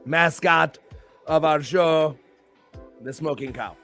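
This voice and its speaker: A man's voice: fairly high pitch, slow, a bit bright, faint music behind. A male host and pro wrestler chatting on a live stream show in a hyped, rambling, playful way.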